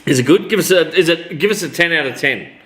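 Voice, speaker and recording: Lively joking Australian man hosting. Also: on the high side, a crowd in the background. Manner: chatty and joking, quick to laugh. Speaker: show host. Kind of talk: casual banter. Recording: roomy echo, faint noise.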